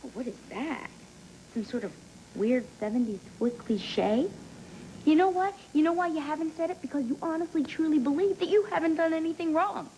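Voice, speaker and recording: A woman's voice: high-pitched, expressive, moderate pace, mellow, a little hiss or hum, low-quality recording. An actress playing a bitter, sarcastic young woman who mocks and confronts her father in a daytime soap. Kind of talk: 1990s daytime soap acting.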